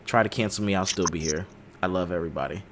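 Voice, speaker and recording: Low-voiced american dude hosting a stream, joking around, little hiss behind him. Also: male voice, fast talker. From United States. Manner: playful, teasing, jumps into goofy voices. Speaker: podcast co-host. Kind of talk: casual live-stream chat.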